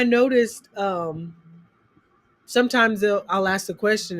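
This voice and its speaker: A language teacher in a relaxed chat, describing classroom struggles with frequent pauses and laughter. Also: medium pitch, no room sound. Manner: unhurried, trails off with fillers, laughs at own stories. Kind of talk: casual conversation about teaching.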